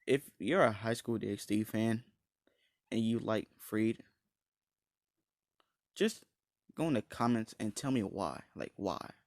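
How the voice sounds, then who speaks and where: A man's voice: on the low side, lively intonation, slow pace, creaky, long pauses, no echo, clean studio sound. A man casually retelling a fan story, rambling, slangy and blunt, with many restarts and fillers.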